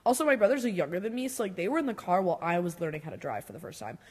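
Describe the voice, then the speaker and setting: A woman's voice: lowish voice, sing-song, very fast, darkish tone, slightly rough. A young adult woman chatting casually on a podcast, with lots of filler words. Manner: chatty, heavy use of "like" fillers. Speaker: podcast guest or co-host. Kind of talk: casual chat.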